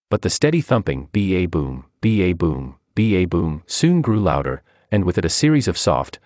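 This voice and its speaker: A man reading a feature article aloud as scripted narration, in an expressive storytelling manner. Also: low-pitched, no room sound, clean studio sound.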